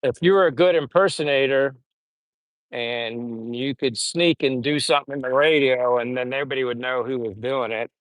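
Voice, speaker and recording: A middle-aged American man with a plain General American accent, hosting a casual livestream and reading viewer comments in a relaxed, rambling way with many fillers. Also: medium pitch, moderate pace, no room sound. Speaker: livestream host.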